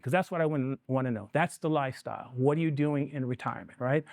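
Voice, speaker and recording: A middle-aged man giving a live financial seminar in a conversational, energetic way, often asking the audience questions. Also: mid-range voice, fast, no room sound, studio quality. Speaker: financial planning presenter.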